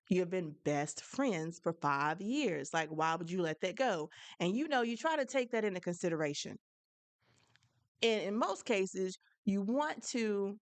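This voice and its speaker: Gravelly, frank woman podcast host. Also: lowish voice, no echo. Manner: frank, preachy, conversational. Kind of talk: solo advice podcast monologue.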